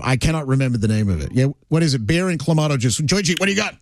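A middle-aged man hosts a radio talk show, chatty and joking with plenty of fillers. His voice sits a little high, and the studio sound is close and dry. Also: expressive, rapid-fire, dry recording. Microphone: studio mic.

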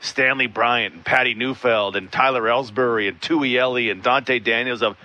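A man hosting a sports talk show, quick and opinionated in his analysis. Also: mid-range voice, steady tone, bright, forceful tone, no echo.

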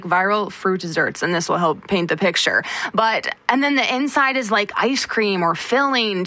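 A woman's voice: fairly high pitch, pushed and bright, no echo. A woman co-hosting a radio show, talking casually with many fillers.

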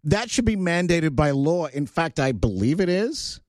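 A man's voice: a little high, very animated, normal speed, darkish tone, dry recording, studio quality. A Canadian man hosting a talk radio show, blunt and sarcastic, ranting between filler words. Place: radio studio. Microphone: studio microphone.

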